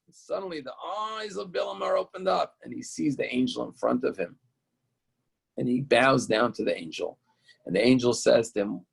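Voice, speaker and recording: A man's voice: medium pitch, expressive, moderate pace, gravelly, breathy edge, poor audio. A male rabbi teaching a Torah lesson, retelling a story in an explanatory, storytelling way.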